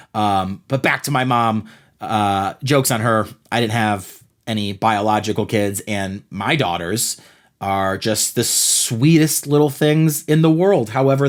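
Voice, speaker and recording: A man hosting a podcast, telling a rambling, self-deprecating comic story about his own childhood. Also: on the high side. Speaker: podcast host. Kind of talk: comedic monologue.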